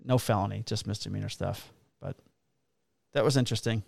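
A male police officer tells work stories in casual chat, full of swearing and flat blunt remarks. His voice has a gravelly rasp. The sound is dry and close, with no room around it. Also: on the low side, a little fast, dry recording. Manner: profane, blunt, laughs at his own stories.

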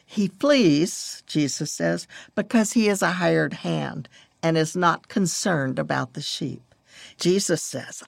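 Slow, gravelly older woman teaching scripture. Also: lowish voice, animated, dry recording, studio quality. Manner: gentle, measured scripture reading. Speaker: devotional speaker. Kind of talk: devotional teaching.

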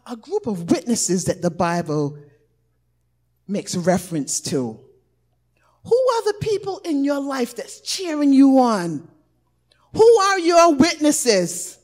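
A woman elder preaching a sermon, building from quiet teaching to shouted encouragement. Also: high-pitched. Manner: rises to shouted exhortation, call-and-response cadence.

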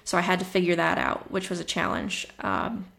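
A woman speaking as a podcast guest, with a somewhat low voice for a woman. She talks in a chatty, conversational way, often pausing on fillers and restarting her sentences. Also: very animated, creaky, a bit bright. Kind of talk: conversational interview storytelling.

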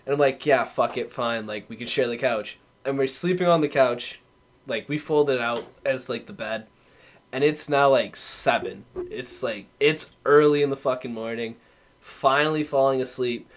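A man's voice: medium pitch, normal speed. A young adult man, a podcast guest, telling a story in casual chat, laughing often and swearing.

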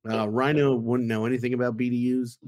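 A man's voice: mid-range voice, fairly even intonation, fast talker, noisy background. A man hosting a podcast, upbeat and casual, swearing freely as he asks questions. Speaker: podcast host. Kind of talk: casual chat.

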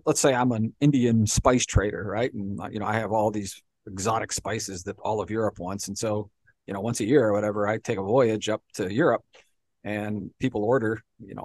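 A man's voice: on the low side, a little mellow, no echo. A man co-hosting a podcast, explaining history at length in casual talk, often dropping "you know" and "right?". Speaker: podcast co-host.

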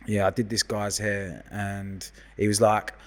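He's a guest hairdresser, a Londoner in his thirties with the local accent, unhurried and fairly low-pitched. The chat is casual and sweary, he tells stories with energy, and the room sounds big.

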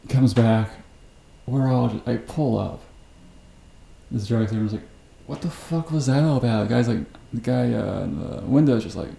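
A podcast host with a lowish, creaky, dark-toned voice tells a story as a profane, rambling, incredulous rant. He's on a podcast mic in an echoey room with background noise.

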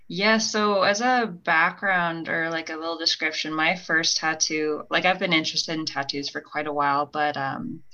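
A woman's voice: low voice, fairly even intonation, normal speed, few pauses, bright, forceful tone, highs cut off. A young woman talking reflectively on a podcast, meandering with many fillers. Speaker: guest. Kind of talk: casual podcast conversation.

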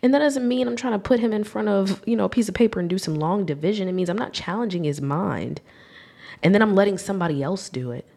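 A young woman talking candidly and reflectively on her own podcast as host, growing animated when she acts out scenes. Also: medium pitch, fast, vocal fry. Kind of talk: solo podcast monologue.

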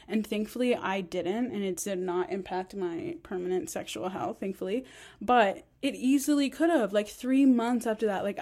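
A young woman speaks openly about her own past, in a casual storytelling monologue. Her voice sits at an ordinary pitch for a woman. She talks loosely and candidly, with lots of fillers along the way. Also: darkish tone. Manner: candid and conversational, uses many fillers. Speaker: podcast host.

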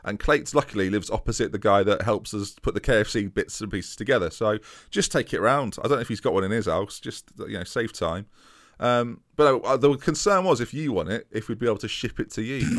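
A man's voice: lowish voice, lively intonation, fairly quick, dry recording. A man co-hosting a casual podcast, answering with dry, wry humor. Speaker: podcast co-host and tournament organizer.

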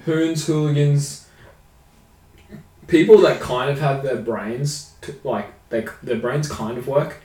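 A man's voice: medium pitch, steady tone, slow pace, a little mellow, far from the mic. Laid-back sweary Australian man. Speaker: podcast co-host. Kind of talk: casual podcast chat. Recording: echoey room, off-mic.

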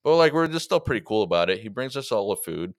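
A man's voice: fairly low pitch, very animated, quick pace, no room sound, studio quality. A young man, a comedian guest telling a rambling story in casual podcast chat, with lots of fillers. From Canada.

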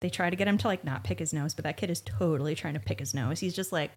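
A woman's voice: sits low, fast, husky. A woman co-hosting a podcast, recapping a TV episode in casual chat with sarcastic, swearing asides. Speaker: podcast co-host.

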